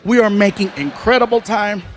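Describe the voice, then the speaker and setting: High-voiced, animated stand-up comedian. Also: male voice, brisk, very noisy. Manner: animated storytelling, loud bursts. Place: stage before a live audience.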